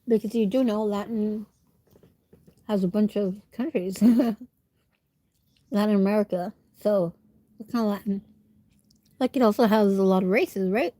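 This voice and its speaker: A woman's voice: medium pitch, mellow, no room sound. A woman livestreamer with a stuffy nose, chatting casually with viewers while she eats and answering their comments. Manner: chats while eating, talking with food in her mouth.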